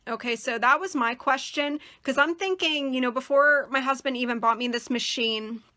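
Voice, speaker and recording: Bright chatty young woman demoing crafts. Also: high-pitched, normal speed. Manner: chatty, rambling, many fillers. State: losing her voice. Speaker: crafting channel host. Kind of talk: casual tutorial demonstration.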